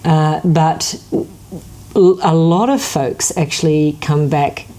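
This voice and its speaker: A woman's voice: low-pitched, steady tone, slow, dark tone. A woman chatting in an interview, telling stories with many fillers and restarts. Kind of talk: casual interview talk.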